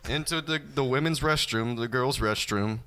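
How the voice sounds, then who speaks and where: A man co-hosting a podcast, telling a story in relaxed chat, with casual swearing. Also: medium pitch, normal speed, background noise. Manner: casual, swears, gets louder as story builds. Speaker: podcast co-host.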